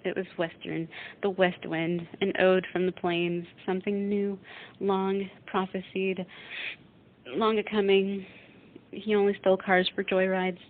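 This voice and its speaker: A woman radio host reading a classic novel aloud in a calm, measured way over a tinny line. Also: medium pitch.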